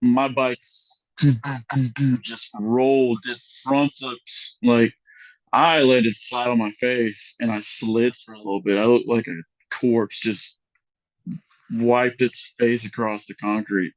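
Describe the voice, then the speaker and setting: A young man on a podcast telling embarrassing stories in a loose, chatty way, acting out the voices of other people with big jumps in pitch and filling his talk with "like" and "you know". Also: takes it slowly, no echo, lo-fi sound. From Mexican heritage. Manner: animated, acts out quotes with big voice jumps, lots of fillers. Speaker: podcast guest. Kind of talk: casual storytelling chat.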